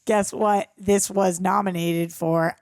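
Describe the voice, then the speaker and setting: A woman's voice: on the low side, fairly even intonation, slow, darkish tone, no echo. A young adult woman co-hosting a movie reaction show, chatting casually, reading out trivia and laughing often. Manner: giggly, repeats a running joke, often laughs mid-sentence.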